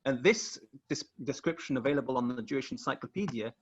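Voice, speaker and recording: A husky-voiced man talking over a video call, his voice dull and lo-fi. He explains slowly and carefully and often repeats words as he goes. He sits at a middling pitch. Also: animated. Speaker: guest researcher. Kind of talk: explanatory talk over screen share.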